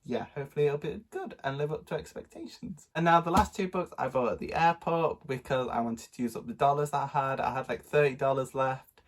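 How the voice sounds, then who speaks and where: A man's voice: mid-range voice, a little fast, hardly any pauses. A man with a nasal, stuffy voice from a cold, chatting casually about books he bought, rambling with lots of ums and little laughs. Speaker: book vlogger. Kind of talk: casual book haul vlog.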